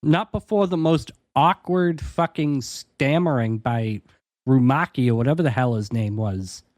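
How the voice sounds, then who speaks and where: A man's voice: medium pitch, measured pace, darkish tone, dry recording, studio quality. A man co-hosting a podcast who chats casually and makes wry, observant remarks. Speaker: podcast co-host. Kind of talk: casual chat.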